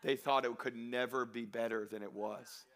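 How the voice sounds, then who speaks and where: Bright-voiced preaching man. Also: fairly even intonation. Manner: swings from loud shouted exhortation to low quiet storytelling; slows down and stretches phrases for emphasis. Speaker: pastor. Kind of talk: sermon.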